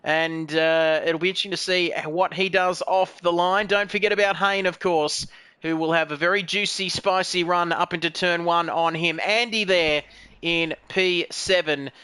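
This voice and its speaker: Jokey high-voiced race commentator. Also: male voice, steady tone, moderate pace, pushed and bright, smooth, no room sound. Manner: jokey, rambling, self-mocking. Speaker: lead commentator. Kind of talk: sim racing commentary.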